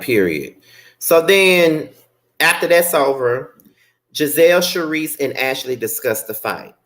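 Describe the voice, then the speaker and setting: A woman giving a blunt, sassy live recap, swearing freely and breaking into sharp outbursts. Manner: rants with sudden high-pitched outbursts. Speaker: live-stream show reviewer. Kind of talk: unscripted live recap commentary.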